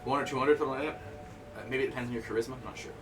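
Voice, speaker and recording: A man's voice: medium pitch, fairly even intonation. A man chatting casually at a tabletop game session, eager and stumbling over his words. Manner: enthusiastic, halting restarts. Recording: distant mic, background chatter.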